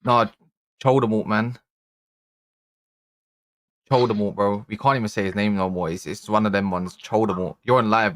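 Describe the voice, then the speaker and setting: A man's voice: on the low side, no echo, clean studio sound. Exasperated slangy man. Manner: exasperated, slangy, swearing, rising to frantic outbursts. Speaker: football channel host. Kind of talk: live-streamed fan reaction. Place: indoor room.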